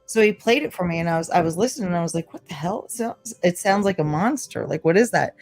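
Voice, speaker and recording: A woman co-hosting a casual livestream chat, animated and swearing, acting out what people said. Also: on the low side, fast, faint music behind. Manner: animated, swears, acts out quotes. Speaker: podcast co-host.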